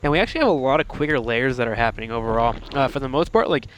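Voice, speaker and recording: A man's voice: mid-range voice, expressive, racing, a bit bright, a little hiss or hum. A young man casting an esports match, chatty and joking with his co-caster. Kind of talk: esports play-by-play commentary.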